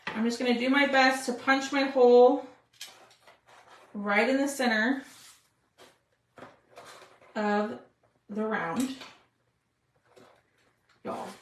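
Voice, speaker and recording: A woman's voice: on the high side, steady tone, slow pace, pauses often, roomy sound. A woman hosting a live craft stream, chatting with viewers as she works. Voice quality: chatty, talks to viewers with "y'all". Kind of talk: casual live craft demo.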